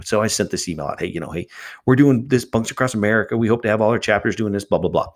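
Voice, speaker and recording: A man telling a story as a guest in an interview, acting out the quoted exchanges with animated voices. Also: fairly low pitch, very fast. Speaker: charity founder, guest.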